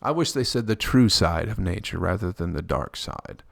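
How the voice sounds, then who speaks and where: Talking close to the mic with no echo, this solo podcast host rambles through a casual, crude, joke-filled monologue full of swearing and imitates people in high, squeaky voices. His voice is expressive and fairly bright with some vocal fry, at a normal speed.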